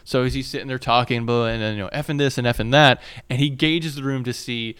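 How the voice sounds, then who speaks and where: A man's voice: medium pitch, steady tone, fast, a bit bright, clean tone. A man in his thirties co-hosting a podcast, talking casually and rambling with lots of fillers and restarts. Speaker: podcast co-host. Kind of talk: casual chat. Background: landscaping noise outside.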